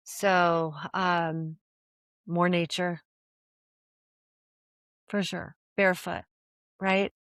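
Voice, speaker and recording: A woman's voice: lowish voice, level tone, drawn-out words, long pauses, fairly bright tone, clear, resonant tone, no echo, studio quality. An older woman talking as a guest in a casual conversation, telling stories animatedly with restarts and laughter.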